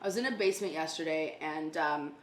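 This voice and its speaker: A woman's voice: deep voice, a little fast, roomy sound, a little hiss or hum. A woman hosting a podcast who tells stories bluntly and swears a lot. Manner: blunt storytelling, heavy swearing. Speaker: podcast host and renovation company owner. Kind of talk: casual podcast chat.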